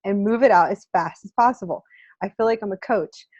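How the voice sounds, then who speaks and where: A woman co-hosting a casual spiritual chat, animated, laughing often and acting out little quotes with whoops. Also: mid-range voice, a little fast, no echo, dull audio. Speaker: spiritual channel co-host.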